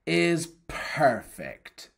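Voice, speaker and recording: A reader voicing a bossy male talking head from a folktale, in a raised, excited voice. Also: medium pitch, very slow, creaky, heavily acted.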